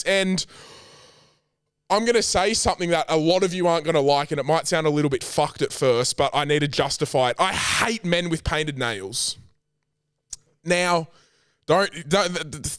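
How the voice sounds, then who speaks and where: A man's voice: a little high, fairly bright tone, no room sound, clean studio sound. A young man with an Australian accent hosting a casual solo podcast, talking in a brash, profane, teasing way. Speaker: podcast host.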